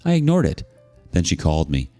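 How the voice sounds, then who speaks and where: A man narrating a reader's story as scripted narration, expressive and sarcastic in his asides. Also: deep voice, fairly quick, soft background music.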